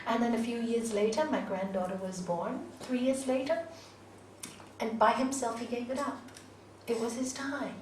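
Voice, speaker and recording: An older woman with a fairly high voice teaches a yoga class in a loose, chatty way, laughing often and testing her students on what they know. She sounds distant from the microphone, and her voice echoes around a large hall. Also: darkish tone, slight background noise. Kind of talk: informal teaching with personal stories. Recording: echoey hall from far off, faint ambience.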